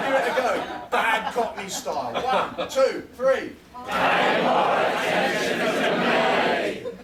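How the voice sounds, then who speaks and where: High-voiced male poet, roomy and distant. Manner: emphatic, wry, punchy delivery with a drawn-out repeated refrain; chatty asides and banter with the audience between lines. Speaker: performance poet. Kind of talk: live comic performance poetry. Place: fringe festival stage, indoors. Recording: roomy, distant, faint ambience.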